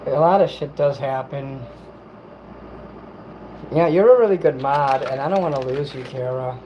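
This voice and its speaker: A man's voice: medium pitch, moderate pace, a little mellow, highs cut off, a little hiss or hum. Rambling man streaming from home. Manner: rambling, apologetic, swears casually. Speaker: livestream host reading chat. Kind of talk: casual livestream chat while eating.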